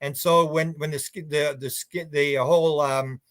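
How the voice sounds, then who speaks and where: Male guest, higher-pitched man, rambling anecdotal talker. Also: steady tone, normal speed, fairly bright tone. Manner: rambling, anecdotal, many restarts. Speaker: UFO researcher guest. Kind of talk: casual radio interview chat.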